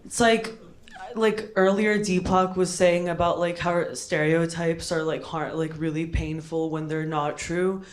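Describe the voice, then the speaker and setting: A woman's voice: fairly low pitch, fairly even intonation, unhurried. A young American woman doing stand-up at an open mic, rambling and self-mocking with lots of "like" and "bro". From United States. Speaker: stand-up comedian. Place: comedy club stage, London. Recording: live club audience audible. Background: audience laughing.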